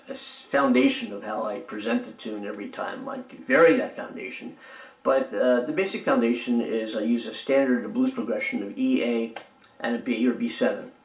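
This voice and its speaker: Man teaching guitar, echoey room. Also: mid-range voice. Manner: rambling, many fillers and restarts. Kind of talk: relaxed spoken guitar lesson. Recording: roomy echo over loud guitar. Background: guitar playing.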